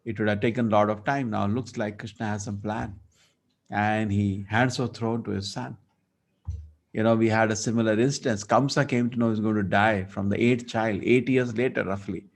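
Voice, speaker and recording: A man teaching a scripture class, telling the story lively and acting out the dialogue. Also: fairly low pitch, moderate pace, vocal fry. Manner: storytelling, acts out dialogue, asides. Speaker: spiritual teacher.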